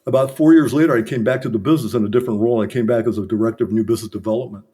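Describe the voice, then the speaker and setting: A man's voice: medium pitch, very fast, warm tone. A middle-aged man, a business consultant, reflectively and earnestly recounting his own mistakes as a podcast guest. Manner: reflective, earnest, self-critical. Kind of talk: candid conversational storytelling.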